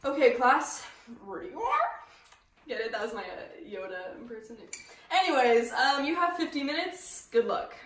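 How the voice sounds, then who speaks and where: A woman playing a sassy middle-aged male history teacher in a student skit, talking hesitantly with many fillers and throat clearing. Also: sits high, sing-song, normal speed, fairly bright tone. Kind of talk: amateur student skit acting. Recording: echoey room, from a distance, faint noise.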